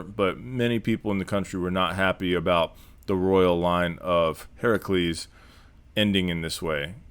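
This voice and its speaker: Deep-voiced man lecturing on history. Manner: measured, explanatory, with occasional restarts. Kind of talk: reading a classic history aloud and explaining it.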